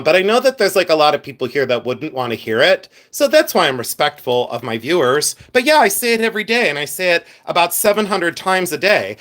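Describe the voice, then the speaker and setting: A man with a fairly high, fairly bright voice runs a gem-focused live stream. He keeps the chat with viewers casual, often giggling and straying into side remarks.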